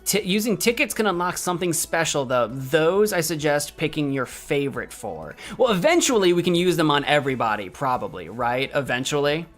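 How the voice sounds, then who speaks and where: A man's voice: fairly high pitch, very animated, fairly quick, few pauses, a bit bright, soft background music. Giggly man commentating a game. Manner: chatty, giggly, thinks aloud, reacts to the game. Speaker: streamer. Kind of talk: casual let's-play commentary.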